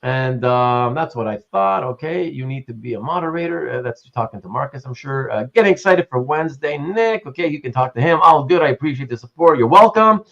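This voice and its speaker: A man's voice: medium pitch, lively intonation, a little fast, creaky, hardly any pauses, fairly bright tone. Chatty livestream host man, muffled sound. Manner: chatty, laughs often, reads chat aloud. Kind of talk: casual live-stream chat. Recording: muffled lo-fi stream audio.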